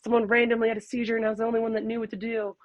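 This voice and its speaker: A woman's voice: a little high, little pitch movement, rapid-fire, no room sound, highs cut off. A young woman chatting candidly as a podcast guest, often laughing. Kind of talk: casual podcast conversation.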